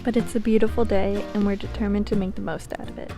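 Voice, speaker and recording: A woman narrates a vlog in a calm, reflective scripted voice-over. Her voice sits at an ordinary middle pitch. Gentle music plays behind her. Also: fast. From New England. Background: background music.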